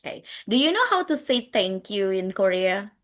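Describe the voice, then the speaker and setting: Her mid-range voice is very animated and moves at a normal speed. Teaching an English class online with an Indonesian accent, she chats, questions her students, laughs often, and mixes in Indonesian words.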